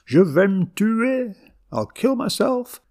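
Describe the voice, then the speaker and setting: A man's voice: sits high, sing-song, takes it slowly, a little mellow, pitched above the performer's own voice, full character voice. A man voicing a ferocious, frenzied elderly French grandmother who screams in a French accent and broken franglais. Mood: frantic screaming.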